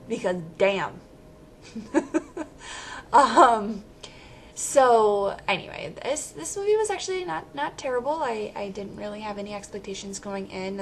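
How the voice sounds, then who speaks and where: A woman's voice: mid-range voice, a bit bright, a little hiss or hum. A woman giving a casual, rambling movie review, interrupting herself and laughing often.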